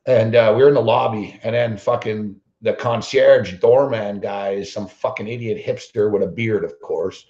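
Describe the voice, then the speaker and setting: A man's voice: on the low side, moderate pace, few pauses, darkish tone. A man hosting a sports betting show, telling a long story as a blunt, combative rant full of swearing. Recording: roomy, dull lo-fi sound.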